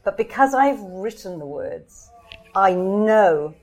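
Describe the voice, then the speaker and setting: A woman's voice: mid-range voice, expressive, takes it slowly, darkish tone. A woman author speaking in a live question-and-answer session, thoughtful and hesitant, often restarting her sentences. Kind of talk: live Q&A conversation.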